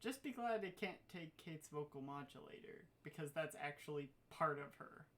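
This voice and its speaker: A woman's voice: sits low, animated, normal speed, a bit bright. A woman narrating as game master of a tabletop role-playing game, often laughing as she describes events.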